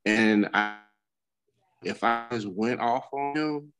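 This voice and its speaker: A middle-aged man co-hosting a casual podcast, his voice sitting at an ordinary middle pitch. He talks candidly and cusses freely while he tells a story, his speech loose and unscripted. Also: slow, a bit bright, clear, resonant tone, rough recording. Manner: candid, profane storytelling with bursts of laughter. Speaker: podcast co-host. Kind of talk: casual chat.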